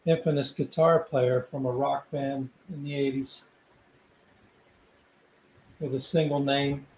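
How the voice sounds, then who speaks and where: A man's voice: medium pitch, flat delivery, slow pace, darkish tone, roomy sound, a little hiss or hum, poor audio. A man hosting a podcast, prodding his guest with leading questions in a casual studio chat. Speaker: podcast host.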